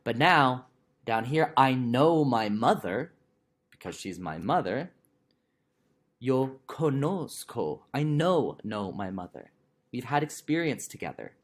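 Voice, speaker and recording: Lively, chatty man teaching a lesson. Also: medium pitch. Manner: chatty and playful, with quick asides. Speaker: Spanish teacher. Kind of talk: recorded video lesson.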